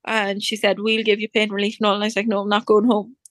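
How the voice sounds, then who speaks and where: A woman's voice: mid-range voice, little pitch movement, quick pace, no room sound. A woman telling a personal story in casual chat, acting out what people said to her with many fillers. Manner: chatty, acts out reported dialogue, many fillers like "like".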